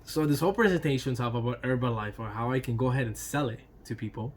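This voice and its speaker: A man's voice: mid-range voice, quick pace. A man telling a casual storytime vlog, loose and chatty, laughing between lines, swearing now and then and dropping in "you know" and "right?". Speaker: YouTube storyteller.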